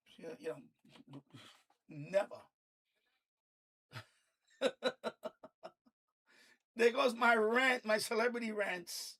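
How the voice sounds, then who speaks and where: A live-stream host with a high voice and sharp tone goes off in a heated, casual rant. He swears a lot and keeps repeating the same lines.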